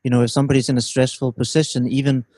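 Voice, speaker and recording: A man giving a calm, teacherly explanation as a guest in an interview, often checking in with his listener. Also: mid-range voice, very fast, slightly rough, dry recording. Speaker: relationship expert guest.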